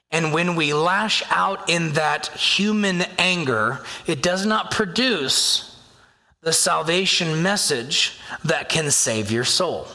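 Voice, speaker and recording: A man preaching a sermon as a pastor, talking in a conversational, animated way and acting out inner voices. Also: on the high side, slow pace. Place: church sanctuary. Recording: long hall reverb.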